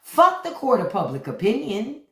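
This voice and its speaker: A woman's voice: on the high side, wildly swooping pitch, moderate pace, fairly bright tone, roomy sound. A woman hosting a livestream, giving blunt, profane commentary straight to her viewers and repeating key words for emphasis. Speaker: podcast host on a livestream.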